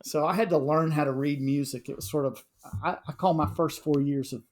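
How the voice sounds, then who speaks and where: A middle-aged high school band director tells animated stories in casual conversation, full of fillers and restarts. He talks fairly quickly, and there's a bit of hiss or hum.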